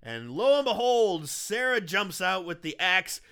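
Guy on a podcast telling a movie plot, high bright voice, jumps around a lot, does little voices. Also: a little slow, smooth. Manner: animated storyteller, acts out characters in shifting voices. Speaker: podcast co-host. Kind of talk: casual movie recap chat.

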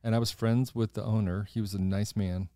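A man hosting a podcast, telling stories in a gushing, animated casual chat. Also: fairly low pitch, brisk, smooth, dry recording, studio quality. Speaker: podcast host.

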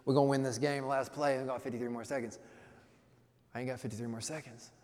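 A man's voice: mid-range voice, fairly even intonation, fast, darkish tone, long reverb tail. A man pastor preaching a conversational sermon, telling stories in a playful way.

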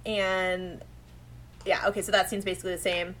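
A woman's voice: fairly low pitch, little pitch movement, moderate pace, a bit bright. A woman chatting casually about an anime episode, animatedly retelling scenes and acting out the characters' lines.

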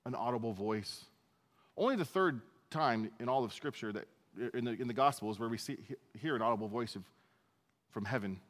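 A man's voice: medium pitch, normal speed. Conversational male pastor in a reverberant hall. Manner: conversational, self-deprecating asides. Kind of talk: sermon, verse-by-verse teaching.

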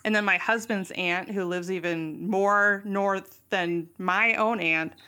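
A woman's voice: mid-range voice, fairly even intonation, slow, pushed and bright. A woman from Wisconsin with a Midwestern Wisconsin accent, chatting casually on a podcast and poking fun at herself. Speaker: podcast guest. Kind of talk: casual chat.

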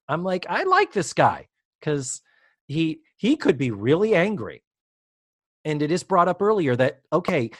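Animated man recapping with big laughs. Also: on the high side, no echo, studio quality. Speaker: podcast co-host. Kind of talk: casual recap chat.

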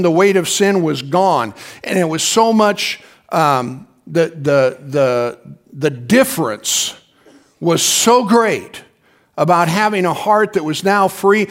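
A male pastor preaching in a relaxed, storytelling style with a fairly high voice. He keeps asking the congregation to answer back. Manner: conversational storytelling, calls on the congregation to respond. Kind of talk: sermon.

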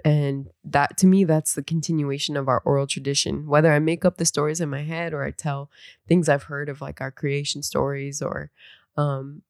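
A woman's voice: deep voice, little pitch movement, moderate pace, a little mellow, no echo, clean studio sound. A young mother speaking earnestly and encouragingly about raising her baby with cultural traditions. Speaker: mother sharing parenting traditions. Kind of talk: reflective talk.

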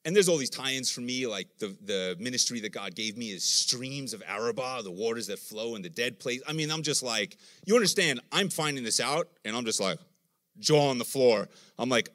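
In his sermon, a middle-aged man with a medium-pitched voice talks at normal speed. He narrates stories in an animated way and gives each quoted person a voice of their own.

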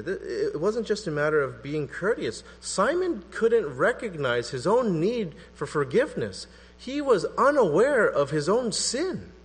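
A man preaching a sermon in an animated, conversational way, acting out quotes as he goes. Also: sits high, slightly rough. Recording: long hall reverb with mains hum.

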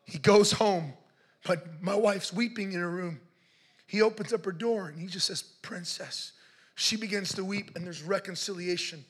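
A man telling a story in a sermon, passionate and building to shouts as he preaches. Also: high voice, normal speed, slightly rough.

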